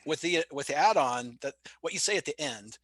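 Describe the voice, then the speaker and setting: A middle-aged man, a sales trainer and podcast guest, telling stories with lively acted-out dialogue. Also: a little high, brisk, no echo. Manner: lively storyteller who acts out dialogue. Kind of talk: casual podcast interview.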